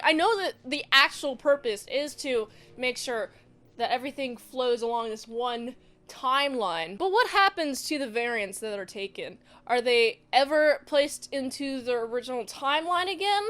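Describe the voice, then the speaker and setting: A woman's voice: high-pitched, a bit bright. A woman casually recapping and reviewing a show, chatty and joking as she acts out quotes.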